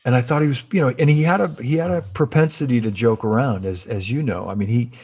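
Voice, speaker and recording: A man's voice: medium pitch, fast talker, a little mellow, breathy edge. A middle-aged man being interviewed as a guest, telling long stories with many restarts and asides. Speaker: interview guest, former cymbal company artist relations. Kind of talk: casual interview storytelling.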